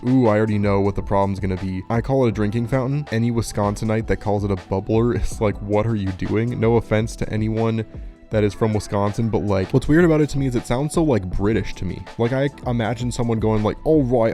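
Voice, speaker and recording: A man's voice: on the low side, mellow. A man from Minnesota, chatting casually and rambling with lots of "like" fillers as he reads quiz questions aloud. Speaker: channel host. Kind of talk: casual vlog chat reading quiz questions.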